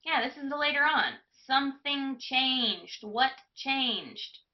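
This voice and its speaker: A woman's voice: high-pitched, lively intonation, unhurried. Woman tutor, dull lo-fi audio. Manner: reads a passage aloud, stopping to pose questions to students. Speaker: test prep tutor. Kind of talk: live online class walkthrough.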